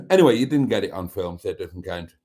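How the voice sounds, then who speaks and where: A man's voice: fairly low pitch, expressive, moderate pace, vocal fry, warm tone. A man hosting a live stream, reading out viewer comments with wry, self-mocking asides. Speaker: channel host.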